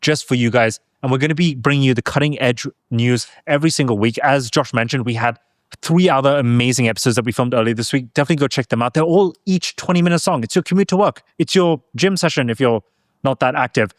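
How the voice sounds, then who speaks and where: Give me a chatty British man hosting a tech show, mid-pitched, in a dry room. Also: fast, no echo. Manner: chatty, laughs easily, says whilst. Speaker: podcast co-host. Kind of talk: casual tech podcast chat.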